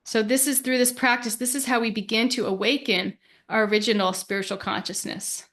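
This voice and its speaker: A woman's voice: on the high side, fairly even intonation, brisk. Earnest woman giving a spiritual talk. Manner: earnest, gentle, repeats words as she thinks. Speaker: podcast host.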